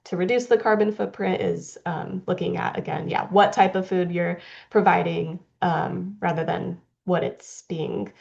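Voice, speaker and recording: A woman's voice: fairly low pitch, steady tone, measured pace, vocal fry, a little mellow, lo-fi sound. A woman presenting on a video call, answering questions with many fillers and restarts. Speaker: guest presenter.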